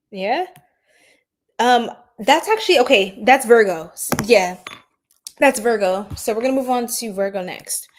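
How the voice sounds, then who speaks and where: A woman hosts an astrology livestream and talks straight to her chat in a loose, giggly way. Her voice sits a little high, and she stretches her words out slowly. She sounds easily flustered and chatty. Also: animated. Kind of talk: casual livestream chat with viewers.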